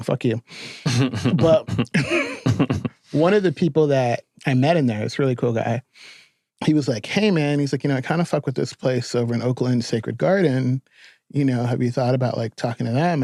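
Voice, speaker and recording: A middle-aged man from New York, a podcast guest telling stories in a lively, profane, laughing way. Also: medium pitch, brisk, no echo, clean studio sound. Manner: animated, profane storytelling with frequent laughter. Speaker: podcast guest, therapist and filmmaker. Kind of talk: casual storytelling interview.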